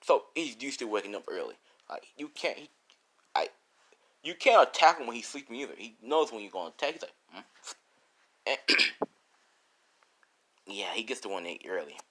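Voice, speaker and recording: A man's voice: medium pitch, big pitch swings, fairly quick, long pauses, fairly bright tone. Rambling man telling a fan story. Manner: rambling with many restarts and fillers. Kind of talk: casual improvised storytelling.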